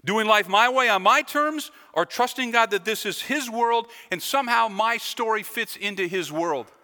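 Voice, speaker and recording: A man's voice: high voice, moderate pace, sharp tone. A man preaching a sermon as a pastor, with an emphatic delivery that rises and falls. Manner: emphatic, rising and falling delivery with repeated phrases. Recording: long hall reverb.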